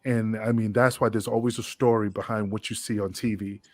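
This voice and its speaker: A man's voice: lowish voice, flat delivery, brisk, dry recording. A man, a guest wrestler, telling a long, rambling, profane backstage story in an interview. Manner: rambling, profane, full of fillers.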